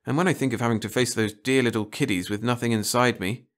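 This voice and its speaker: A man's voice: mid-range voice, steady tone, fast talker, close to an everyday voice. A man voicing a hungover, self-pitying male actor who pleads and whines, in a read-aloud story. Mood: whiny, pleading. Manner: pleading, whining.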